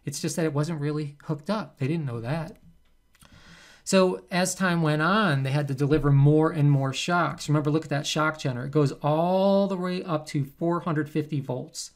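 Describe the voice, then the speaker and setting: Man giving a lively psychology lecture. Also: a little high, moderate pace. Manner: conversational, animated, acts out quoted subjects. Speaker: psychology professor. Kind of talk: recorded lecture.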